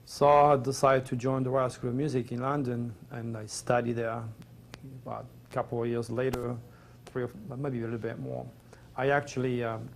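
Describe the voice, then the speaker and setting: Gravelly man with a French accent. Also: medium pitch, level tone, moderate pace, a little hiss or hum. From Provence, France. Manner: earnest, rambling, emotional. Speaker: interview guest. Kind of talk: personal storytelling.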